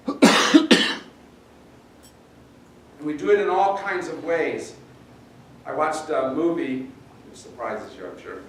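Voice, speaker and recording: A man's voice: mid-range voice, a little hiss or hum. Man preaching in a roomy church. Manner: conversational, halting with repeated words. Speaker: pastor. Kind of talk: sermon. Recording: roomy echo, distant mic, faint ambience.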